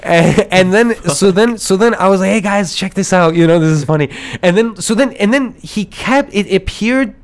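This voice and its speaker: A podcast host with a high, clean voice talks at normal speed with few pauses. He tells a story in a casual, rambling way, animatedly acting out other people's voices and laughing often.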